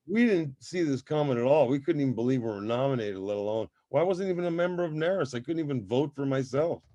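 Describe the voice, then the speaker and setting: A man in his sixties, a musician guest, telling stories in casual, profane, animated chat. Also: medium pitch, quick pace. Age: 60s. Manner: profane, animated storytelling with voiced asides.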